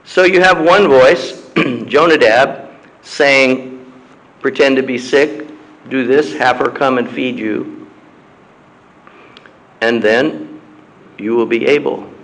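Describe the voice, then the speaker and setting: A man preaching a sermon and reading scripture aloud in a slow, measured way, with long pauses and frequent throat-clearing. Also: mid-range voice, a bit bright, rough recording. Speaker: pastor. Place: church.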